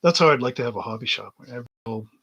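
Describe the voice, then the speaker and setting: A man's voice: medium pitch, lively intonation, rapid-fire, gravelly, fairly bright tone, highs cut off. A middle-aged man hosting a model-building livestream, rambling through anecdotes in casual chat and chuckling often as he works at his bench.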